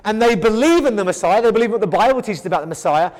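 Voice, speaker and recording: A man's voice: sits high, lively intonation, fast, a little mellow, big-room sound. A man teaching the Bible in sermon style, emphatic and repetitive, often stammering as he restarts his sentences. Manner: emphatic, repetitive rhetorical build-ups.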